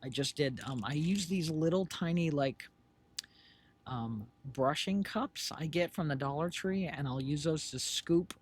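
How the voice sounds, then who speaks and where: Speaking at a measured pace in a higher voice with a breathy edge, a middle-aged stream co-host and creator talks to viewers from his home setup. His chat is loose and rambling, full of fillers and self-corrections, captured on a desk mic with headphones on.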